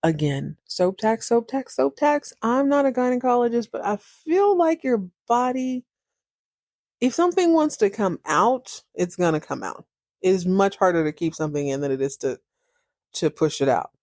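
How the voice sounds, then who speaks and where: A woman hosting a podcast, recapping a TV episode in a chatty, animated way and repeating words for emphasis. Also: mid-range voice, moderate pace, no echo, clean studio sound. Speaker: podcast host. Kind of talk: casual TV recap.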